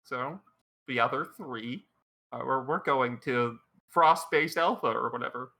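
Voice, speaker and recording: A man at a tabletop game, chatting casually and tossing in dry jokes. His voice sits at a middle pitch with a bright tone. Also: unhurried. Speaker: player.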